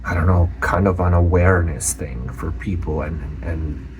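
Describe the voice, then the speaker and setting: A man from Europe, a channel host giving a personal update, speaking earnestly with many pauses and restarts. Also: deep voice, noisy background.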